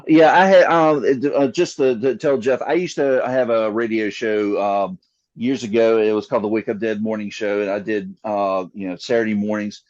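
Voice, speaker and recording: A man's voice: fairly even intonation, moderate pace, darkish tone, no echo, lo-fi sound. A man co-hosting a podcast in casual chat, hesitant and repeating his words. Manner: hesitant, repeats words, slips into a booming announcer voice. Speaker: podcast co-host. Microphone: video call.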